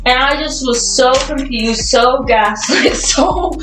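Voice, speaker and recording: A young woman with a high voice tells a dream story in a lively, laughing, swearing way, acting out the lines of everyone in it. She sounds a little far from the mic in an echoey room, with music under her. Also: takes it slowly. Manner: animated, laughing, swearing, retelling a dream with acted-out quotes. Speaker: vlogger. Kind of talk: casual storytelling chat.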